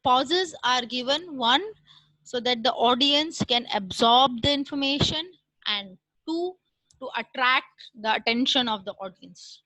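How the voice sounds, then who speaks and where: A woman lectures an online class in a measured, explanatory way, pausing often with fillers. Her voice sits high and bright. The recording is dry and close on a computer mic. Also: no echo, poor audio.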